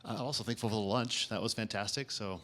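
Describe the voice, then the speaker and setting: A man, an invited speaker, opens his town hall speech graciously and haltingly. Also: fairly low pitch, fairly bright tone. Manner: gracious and halting, many fillers. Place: conference event.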